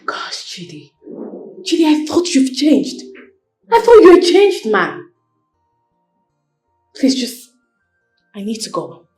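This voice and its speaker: Actress as high-pitched young queen, tearful and defiant, echoey room, soft score. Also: huge pitch swings, slow, pauses often, soft background music, full character voice. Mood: angry defiant. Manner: tearful, pleading, then sharply angry. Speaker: widowed queen. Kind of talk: Nollywood film acting.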